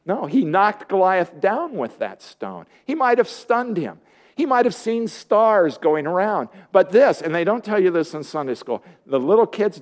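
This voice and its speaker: A man's voice: sits high, a little mellow. A man preaching a sermon, retelling a Bible story playfully and joking with his congregation.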